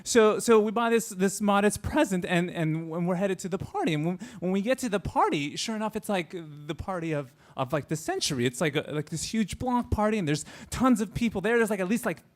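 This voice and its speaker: A man's voice: sits high, lively intonation, a little fast, hardly any pauses. A man of Mexican heritage telling a funny childhood story on stage, chatty, full of "like" fillers and restarts. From Mexican-American.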